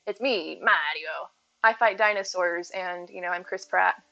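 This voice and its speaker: A woman's voice: fairly low pitch, unhurried, creaky, bright, forceful tone, dull audio, pitched below the performer's own voice, full character voice. A woman doing a dopey movie-star plumber hero. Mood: mocking.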